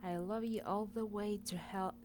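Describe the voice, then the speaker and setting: A woman reading aloud, voicing a small, energetic young male furry creature who speaks eagerly and earnestly. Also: mid-range voice, normal speed, background noise, close to an everyday voice.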